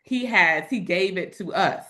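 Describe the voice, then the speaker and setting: A woman's voice: lowish voice, lively intonation, unhurried, sharp tone. A woman hosting a faith-based interview, speaking in an affirming, reflective way. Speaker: host.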